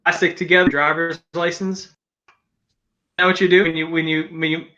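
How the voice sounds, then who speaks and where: Joking guy on a video call, really high sharp voice. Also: little pitch movement, a little fast, highs cut off. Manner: wisecracking, playful. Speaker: co-host.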